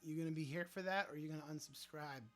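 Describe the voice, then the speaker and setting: A man's voice: on the high side, fast, faint music behind. A man hosting a casual livestream, joking around and answering viewer chat aloud, with some swearing. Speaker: livestream host.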